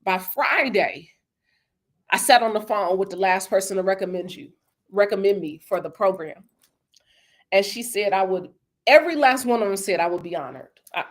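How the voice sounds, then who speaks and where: A woman hosting a motivational talk, speaking emphatically and with lots of repetition, calling her listeners y'all and baby, and softening her voice when she acts out conversations. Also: mid-range voice, expressive, moderate pace. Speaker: host.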